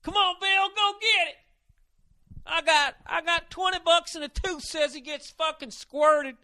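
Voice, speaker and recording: A man voicing a loud, dim-witted rural hillbilly man in a boisterous, hollering drawl. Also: very high-pitched, measured pace, voice pushed up, heavily acted. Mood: rowdy.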